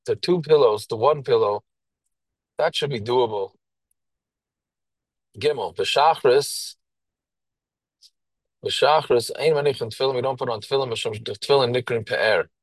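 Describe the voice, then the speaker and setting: A man's voice: mid-range voice, measured pace, long pauses, no echo, low-quality recording. Man teaching text, dry close sound. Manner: reads Hebrew phrases then explains in English, with restarts. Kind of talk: reading and translating a Hebrew text line by line.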